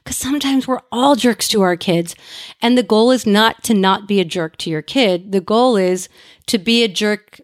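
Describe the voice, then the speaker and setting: A woman in her thirties, a parenting expert guest telling candid, animated stories on a podcast. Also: mid-range voice, normal speed, dry recording, studio quality. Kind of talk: casual podcast conversation.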